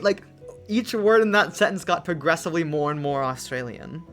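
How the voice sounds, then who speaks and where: A woman streaming a game, chatting excitedly with quick jokes and asides over soft music. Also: medium pitch. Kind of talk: casual let's-play chat. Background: soft lofi music.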